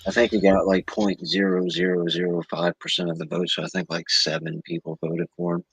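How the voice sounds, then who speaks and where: Gravelly deep man with dry sarcasm. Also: little pitch movement, brisk, dry recording, low-quality recording. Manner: dry, sarcastic, matter-of-fact. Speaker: podcast co-host. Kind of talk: casual podcast chat.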